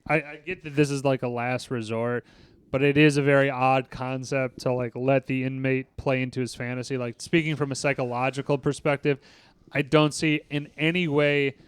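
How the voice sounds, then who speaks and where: A man's voice: medium pitch, little pitch movement, moderate pace, smooth, no echo. A man co-hosting a podcast, chatting bluntly, swearing freely and joking about himself. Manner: blunt, swears often, jokey boasting. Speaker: podcast co-host. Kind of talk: casual chat.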